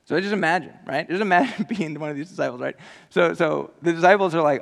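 A male pastor preaching a sermon with animated, jokey storytelling and earnest appeals to the listeners. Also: on the high side, fast, gravelly. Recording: long hall reverb.

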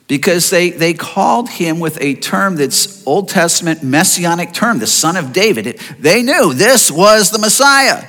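Bright-voiced preacher in a reverberant hall. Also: male voice, sits high. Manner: expressive, asks the listeners rhetorical questions. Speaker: pastor. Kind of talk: sermon.

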